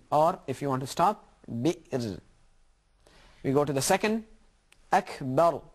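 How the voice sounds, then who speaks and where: Man teaching recitation, slow deliberate examples. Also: a little high. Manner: deliberate, repeats words slowly to contrast correct and wrong pronunciation. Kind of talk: tajweed lesson with spoken examples.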